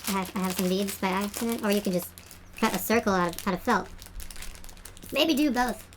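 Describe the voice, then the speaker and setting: A woman's voice: medium pitch, a little fast, a little hiss or hum. A woman art teacher giving a craft tutorial, chatting and thinking aloud as she works.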